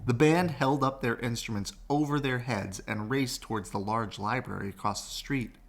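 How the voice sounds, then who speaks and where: A man reading a children's picture book aloud, slow and expressive, with sing-song rises and falls. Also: medium pitch. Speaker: storybook reader.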